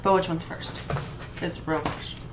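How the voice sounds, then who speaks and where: A woman playing a tabletop game, chatty and quick to laugh. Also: lowish voice, steady tone, background noise. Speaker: player. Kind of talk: casual tabletop play.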